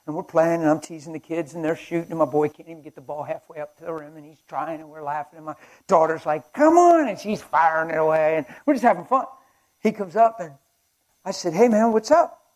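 A man preaching at a conference breakfast in a passionate storytelling sermon. His voice sits a little high for a man, and he swings from loud, fired-up lines to hushed, intense ones. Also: fairly even intonation, brisk, low-quality recording. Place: conference hall.

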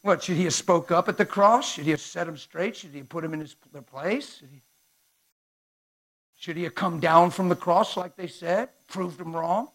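A man preaching a sermon in an impassioned way, swinging from hushed, quiet lines to shouted peaks. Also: sits high, normal speed.

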